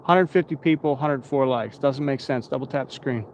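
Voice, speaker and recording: A man's voice: mid-range voice, moderate pace, a little mellow, a little hiss or hum. A tired man hosting a casual live stream outdoors at night, rambling and chatting with his viewers.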